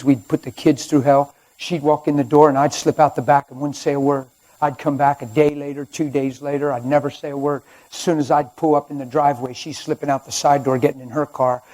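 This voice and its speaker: A man preaching a sermon, telling his own story and swinging from hushed to loud. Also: mid-range voice, rough recording. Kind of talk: sermon testimony. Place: church or studio.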